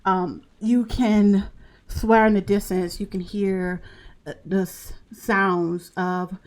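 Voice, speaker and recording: A woman narrating a tabletop game as game master, halting and full of fillers as she describes scenes. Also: mid-range voice, steady tone. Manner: slow, halting narration with many fillers and restarts.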